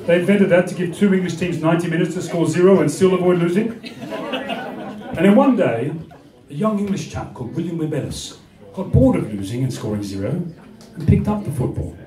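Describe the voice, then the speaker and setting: High-voiced comic on a roomy stage. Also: male voice, expressive, fairly quick, mellow. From Australia. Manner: jokey, puts on accents and voices. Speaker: stand-up comedian. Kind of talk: stand-up comedy set. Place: comedy club on stage. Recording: echoey club from a distance, audience laughter. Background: crowd laughing.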